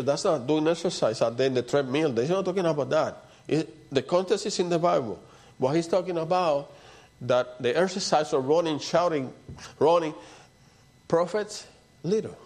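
A man preaching a sermon in a conversational way, dropping to soft low asides and rising for emphatic points. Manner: conversational preaching with repeated "you know" and "see".

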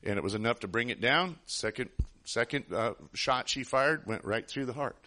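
A man preaches to his congregation while telling a long personal story, with a bright, forceful tone. He speaks earnestly and rambles, often restarting his sentences. His pitch sits in an ordinary middle range. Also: lively intonation, moderate pace. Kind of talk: sermon storytelling.

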